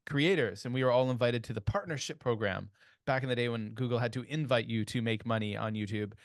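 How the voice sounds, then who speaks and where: A man's voice: mid-range voice, fast talker, dry recording, studio quality. A man with a Canadian accent hosting a podcast, telling stories in a chatty way with many restarts. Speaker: podcast host. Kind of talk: casual podcast chat.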